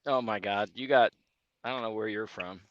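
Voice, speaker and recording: A man's voice: on the low side, normal speed, no room sound. A man from Indiana, a guest trucker on a casual livestream, rambling and laughing through banter, on dull stream audio.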